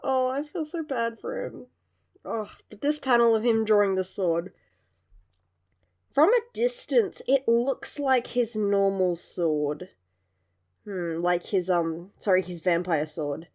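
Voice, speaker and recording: A young woman reviewing a manga chapter in casual chat, gushing and giggling often, with lively asides. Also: mid-range voice, takes it slowly.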